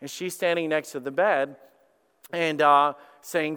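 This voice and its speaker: A man's voice: a little high, fairly even intonation, normal speed, sharp tone, clear, resonant tone. A man preaching a sermon as pastor, talking candidly and conversationally, often restarting his sentences. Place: church sanctuary. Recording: church hall reverb.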